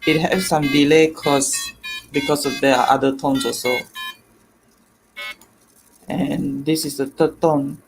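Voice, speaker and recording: Male guest presenter, halting step-by-step delivery, video call sound, faint music under him. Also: a little high, level tone, vocal fry, poor audio. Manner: halting, self-correcting, step-by-step. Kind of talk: live online demonstration.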